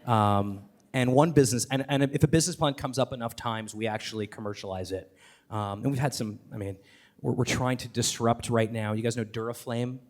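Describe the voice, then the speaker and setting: Enthusiastic man with a middle-pitched voice. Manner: enthusiastic, rapid, with fillers, restarts and casual swearing. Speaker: podcast host and guest speaker. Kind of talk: live onstage conversation.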